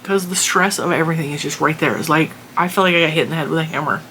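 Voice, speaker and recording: A middle-aged woman hosting her crafting channel, telling a story casually with animated exasperation. Her voice has a bright edge. Faint noise hums behind her. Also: low voice, very fast, few pauses. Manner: animated, exasperated retelling with laughs.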